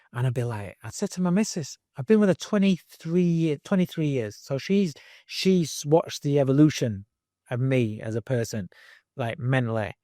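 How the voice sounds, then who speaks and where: A man's voice: mid-range voice, darkish tone, dry recording, studio quality. A middle-aged man, a boxing trainer, telling his story earnestly in an interview, restarting and repeating himself, with casual slang. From Britain.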